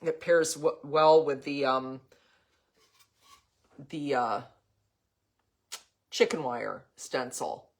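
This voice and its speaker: This older woman has a bass voice, draws out her words and pauses often as she hosts a casual live craft demo. Chatty and rambling, she fills in with frequent ums and the odd cough, answering viewer comments as she works.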